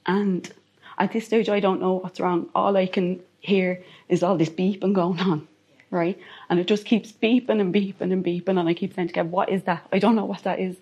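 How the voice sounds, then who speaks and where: A woman's voice: fairly low pitch, little pitch movement, normal speed, darkish tone, slightly rough, lo-fi sound. A woman with an Irish accent, a guest telling a personal story in an interview, repeating phrases for emphasis.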